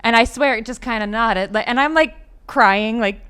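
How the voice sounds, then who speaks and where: A woman telling a funny story in casual chat, animated and acting out her own pleading and yelling. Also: on the high side, normal speed, smooth. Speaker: podcast guest.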